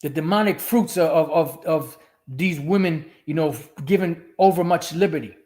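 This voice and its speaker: Profane ranting man, higher voice. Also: normal speed, darkish tone. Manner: profane, rambling, emphatic. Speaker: streamer. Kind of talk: ranting religious commentary.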